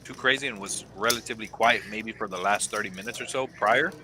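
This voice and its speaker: A man's voice: fairly low pitch, fairly quick, sharp tone. A man co-commentating a live poker game, casual and chatty with frequent fillers.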